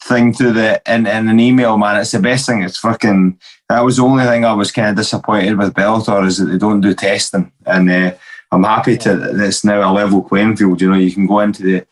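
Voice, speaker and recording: A man's voice: lowish voice, fairly even intonation, a little fast. A young man with a Scottish accent, a fighter talking as a podcast guest, swearing freely and laughing through his stories. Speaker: guest, professional MMA fighter. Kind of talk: casual podcast chat.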